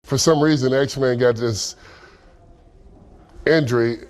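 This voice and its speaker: A man's voice: medium pitch, slow pace. A man from Indiana, a former pro basketball player, telling anecdotes as a guest in a casual interview, laughing often. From Indiana, USA. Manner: laughing, animated anecdote-teller.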